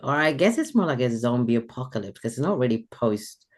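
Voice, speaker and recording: A man's voice: mid-range voice, very animated, brisk. Chatty man, British-sounding accent. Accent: British-sounding English. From Sweden. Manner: rambling, chatty, laughs often, many fillers. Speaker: author guest. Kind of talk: casual podcast interview.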